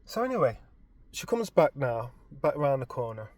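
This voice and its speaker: Animated man telling a story. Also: medium pitch, normal speed, no room sound. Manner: animated, expressive retelling. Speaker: vlogger. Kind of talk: casual storytelling.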